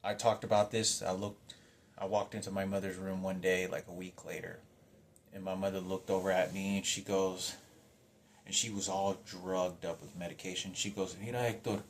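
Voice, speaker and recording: A man's voice: low-pitched, flat delivery, moderate pace, a little hiss or hum. A man telling a personal story in a rambling, emotional monologue, restarting sentences and swearing heavily. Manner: agitated, rambling, heavy swearing.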